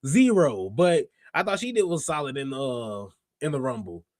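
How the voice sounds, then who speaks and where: A man hosting a podcast, recapping wrestling in a casual, animated, slangy way with lots of fillers and restarts. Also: mid-range voice, moderate pace, dry recording, clean studio sound. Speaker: podcast host.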